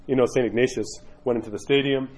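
A man's voice: mid-range voice, steady tone, fast, darkish tone. A man, a priest giving an informal teaching talk, telling stories with animation and often checking in with "right?".

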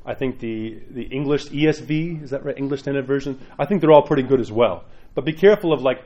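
A man's voice: mid-range voice, warm tone, muffled recording. A man, a parish priest, giving an informal sermon in a rambling, chatty way with frequent asides.

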